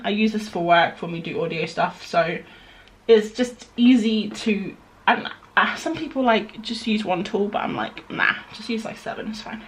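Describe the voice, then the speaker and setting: A young woman, chatting casually through her day in a relaxed vlog. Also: mid-range voice, a little hiss or hum. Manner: chatty and relaxed, self-deprecating. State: out of breath after a run. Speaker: vlogger.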